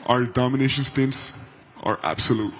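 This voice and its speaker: A man speaking at a post-game press conference in measured, searching words. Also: medium pitch, a bit bright, a little hiss or hum, rough recording.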